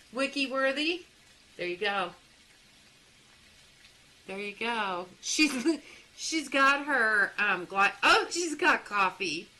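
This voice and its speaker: A woman's voice: medium pitch, pushed and bright, low-quality recording. A young woman with a Texas accent, chatting animatedly as she hosts a live game stream and laughs often.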